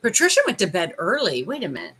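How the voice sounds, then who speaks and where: Chatty Canadian woman with a bright voice. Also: fairly low pitch, wildly swooping pitch, fast talker, husky. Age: 30s. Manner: chatty and teasing, laughs often, banters with viewers. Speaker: life coach hosting a live stream. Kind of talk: casual live-stream chat with viewers.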